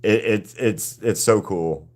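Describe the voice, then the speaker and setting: A man hosting a live drawing stream, chatting casually with viewers and often restarting his sentences. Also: on the low side. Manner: halting, frequent restarts and repeated words.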